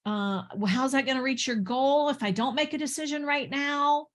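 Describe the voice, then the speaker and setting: Energetic, chatty woman business coach. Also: high-pitched, normal speed. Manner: energetic, chatty, laughs often, checks in with "right?". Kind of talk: casual motivational talk to camera.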